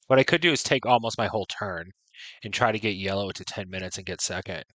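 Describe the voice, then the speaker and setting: A man's voice: on the low side, fast, a bit bright, no room sound. A man streaming a strategy game, giving frank, chatty commentary full of "right?" and "you know". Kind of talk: casual gameplay commentary.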